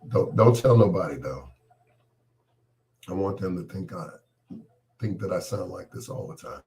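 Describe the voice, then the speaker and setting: A man's voice: deep voice, expressive, normal speed, dark tone. A man hosting a late-night radio show with a cold, chatting and joking with listeners by name. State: has a cold, congested voice. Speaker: radio host.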